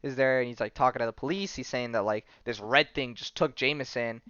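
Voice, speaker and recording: A male podcast host recaps a comic's plot in a loose, rambling style, packed with filler words and quick laughs. His voice is smooth, clear, and fairly bright at a typical male pitch, recorded dry and a little dull with no room sound.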